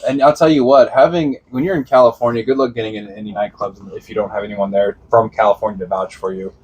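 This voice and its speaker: A man's voice: lowish voice, steady tone, fast talker, darkish tone, breathy edge, poor audio. A young man from Illinois, a podcast co-host, telling rambling road-trip stories in casual chat, swearing freely and laughing at his own tales.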